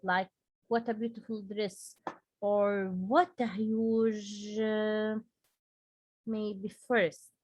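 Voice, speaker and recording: A woman teaching an English grammar lesson, speaking slowly and deliberately and repeating example sentences with exaggerated emphasis. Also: on the high side, dry recording, poor audio.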